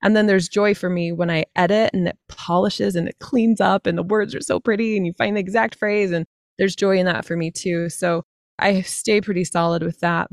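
A woman in her thirties, a fantasy author talking as a podcast guest, chatty and full of quick asides. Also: on the low side, gravelly, dry recording, clean studio sound. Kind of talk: casual podcast conversation.

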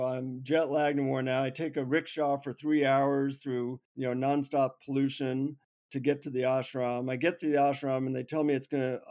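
A man on an interview show telling a funny personal story with lively, self-mocking humor. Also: mid-range voice. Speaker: guest. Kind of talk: anecdotal storytelling.

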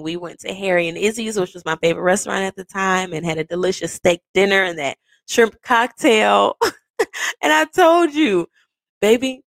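Animated young woman telling a story. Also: vocal fry, no room sound. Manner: animated, laughing, swings into high excited bursts; casual, swears freely. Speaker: podcast host. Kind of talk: casual personal storytelling.

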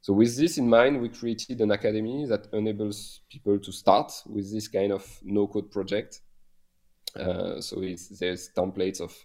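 A man with a French accent answers interview questions in a low, warm, mellow voice. He talks hesitantly, with many fillers and restarts. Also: fairly even intonation, moderate pace. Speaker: guest, software company founder. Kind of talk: casual podcast interview.

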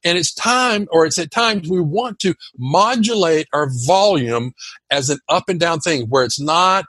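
A man talks as a speaking coach on an interview show, his husky voice leaping up and down in pitch as he lays out his points one by one. He is emphatic and high-energy. The sound is dry and close. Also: unhurried, dry recording. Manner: energetic, emphatic, teaching in lists. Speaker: guest, communication coach. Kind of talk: animated interview talk.

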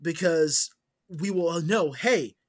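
Animated, swearing male podcast co-host. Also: on the high side, slow pace. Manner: animated storyteller, swears freely, swings between loud and hushed. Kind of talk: casual chat.

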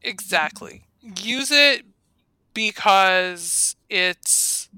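A woman's voice: medium pitch, animated, drawn-out words, bright, forceful tone, clear, resonant tone. A woman co-hosting a podcast in casual chat, chatty and saying "like" a lot. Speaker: podcast co-host.

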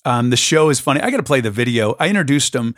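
A man's voice: medium pitch, expressive, fast talker, fairly bright tone, no room sound, clean studio sound. A man hosting a podcast, telling a story in a casual, enthusiastic way. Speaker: podcast host. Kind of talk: casual conversation.

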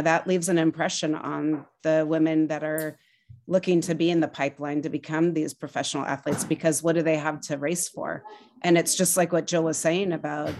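A woman executive director answering interview questions in a measured, earnest way. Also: low-pitched, a little mellow.

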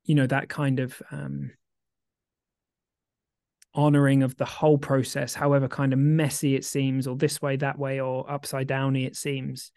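A man co-hosting a casual podcast, rambling with many restarts and getting excitable when he warms to a point. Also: medium pitch, moderate pace, creaky, no room sound, studio quality. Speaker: podcast co-host.

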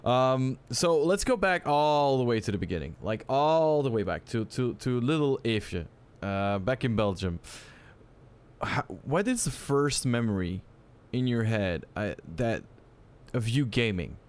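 A man interviews a guest in a relaxed chat, his voice at an ordinary middle pitch. He sounds friendly but hesitant, and he often stumbles and repeats words before he gets his question out. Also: unhurried, clear, resonant tone. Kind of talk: casual conversational interview.

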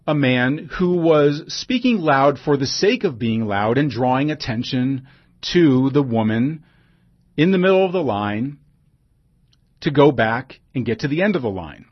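A man telling a personal anecdote in a relaxed conversational way, with asides and fillers. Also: on the high side, moderate pace, husky, muffled recording. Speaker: storyteller.

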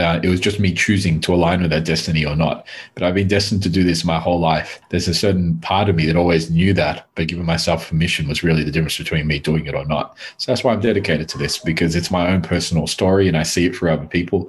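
A man from Mauritius, a podcast guest chatting casually and telling personal stories, often restarting and repeating words. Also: sits low. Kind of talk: casual storytelling interview.

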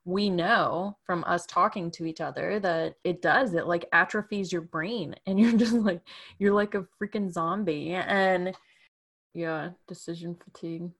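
A woman's voice: lowish voice, measured pace, a bit bright. A woman in her thirties co-hosting a podcast, chatting casually and laughing easily. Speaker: podcast co-host. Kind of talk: casual chat.

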